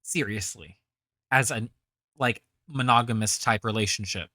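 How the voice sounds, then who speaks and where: A foul-mouthed reaction commentator fires off sarcastic, scornful asides. The voice is bright and sharp-edged and sits at a middle pitch. It is recorded dry and close, with no room sound. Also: normal speed, dry recording.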